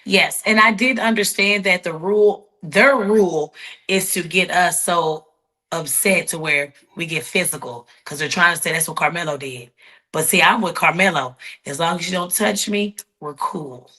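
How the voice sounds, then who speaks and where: A woman guest in an interview, telling her story bluntly and defiantly, with many quick restarts. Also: on the low side, bright, forceful tone. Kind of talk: heated interview talk.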